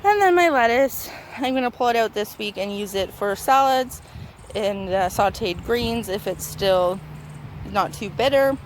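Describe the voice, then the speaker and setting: A fairly high-voiced woman walks through her vegetable garden and chats excitedly about what is growing, now and then speaking straight to her plants. Her voice turns squeaky at times. She was recorded outdoors on a handheld camera, with faint outdoor noise behind her. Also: a little slow. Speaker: gardening vlogger. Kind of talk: casual garden tour.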